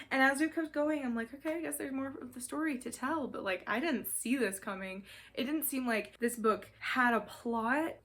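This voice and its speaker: A young woman vlogging a casual book review, chatty and full of fillers, with exasperated amusement. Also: fairly high pitch.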